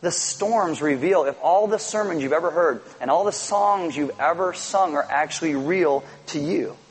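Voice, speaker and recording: A man's voice: a little high, normal speed, breathy edge, rough recording. A middle-aged man preaching a sermon to his congregation, telling stories and acting out little quotes. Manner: animated storytelling with acted-out quotes. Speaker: pastor.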